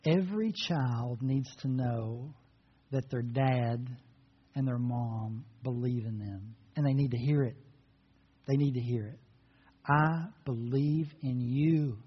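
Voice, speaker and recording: A man preaching a sermon as a pastor, retelling a story in an earnest, storytelling manner and dropping to soft, reflective tones. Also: mid-range voice, a little slow, husky. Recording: reverberant hall, dull muffled sound.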